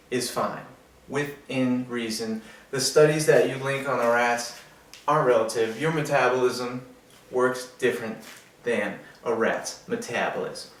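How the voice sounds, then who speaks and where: Guy ranting bluntly at the camera, kinda far from the mic, echoey room. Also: mid-range voice. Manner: blunt, opinionated, mocking. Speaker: fitness vlogger. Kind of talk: casual rant to camera. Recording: roomy echo, away from the mic.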